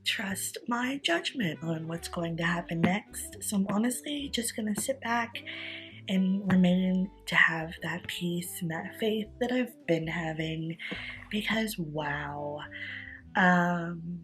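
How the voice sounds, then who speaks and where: A woman's voice: on the low side, slow pace, a bit bright, faint music behind. A woman in her twenties vlogging casually to camera, chatty and candid, her voice groggy with morning sleepiness. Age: 20s. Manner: chatty and candid, rambling with fillers.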